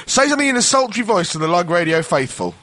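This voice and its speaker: Bright, animated tipsy man. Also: high-pitched, quick pace, crowd noise. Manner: boisterous, joking, talks over others. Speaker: podcast co-host. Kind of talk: casual chat. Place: house party at night.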